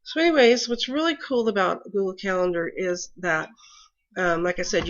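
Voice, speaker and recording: A woman's voice: on the low side, a bit bright, muffled recording. A congested woman walking through her calendar in a casual screen-recorded tutorial, hesitant and full of ums. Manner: hesitant, many ums and restarts. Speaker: mom explaining her calendar setup.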